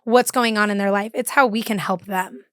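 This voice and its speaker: A woman's voice: medium pitch, fairly even intonation, moderate pace, no echo, clean studio sound. A woman in her thirties, a podcast guest talking earnestly and agreeably about family life. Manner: earnest, agreeable, frequent "yeah". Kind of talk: casual interview chat.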